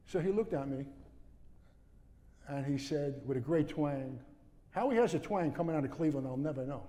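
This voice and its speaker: A man's voice: a little high, lively intonation, moderate pace, long pauses, mellow, in a large hall. An older man, a former prosecutor, recounting events in a rambling interview and acting out the dialogue. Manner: digressive, restarts sentences, acts out quoted dialogue.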